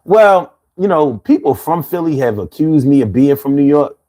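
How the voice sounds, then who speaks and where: Animated streetwise Philly man. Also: fairly high pitch, normal speed. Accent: Philadelphia. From Philadelphia, USA. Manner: streetwise, laid-back, laughs often. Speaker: livestream host. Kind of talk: casual live chat reading comments.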